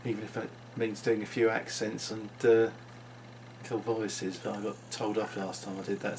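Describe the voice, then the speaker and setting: A man's voice: fairly low pitch, level tone, moderate pace, darkish tone, slight background noise. A man talking unscripted into his vlog, musing and rambling with frequent restarts. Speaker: vlogger.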